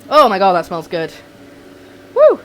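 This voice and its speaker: A young woman chatting to her viewers while cooking on a livestream in her home kitchen, excitable and a little flustered. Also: mid-range voice, a little slow, dull audio, slight background noise. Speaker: streamer. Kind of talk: casual cooking livestream chat.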